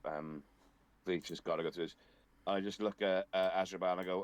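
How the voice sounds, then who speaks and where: A man playing his character in a tabletop role-playing game, talking in a relaxed, halting way with many fillers. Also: low voice. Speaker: player.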